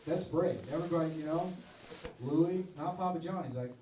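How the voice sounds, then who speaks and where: A man in his thirties doing a stand-up comedy set in a rambling deadpan, now and then breaking into loud shouts. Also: on the high side, moderate pace, background noise. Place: comedy club stage with a live audience. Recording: roomy, distant audience recording with laughter.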